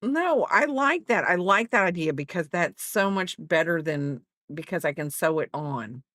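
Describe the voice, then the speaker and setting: A woman's voice: on the low side, expressive, moderate pace, fairly bright tone, dry recording, clean studio sound. A woman crocheting on a livestream, chatting casually in a rambling, self-mocking way, laughing often and talking to her viewers and her dog at home. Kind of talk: casual chat while crafting on a livestream.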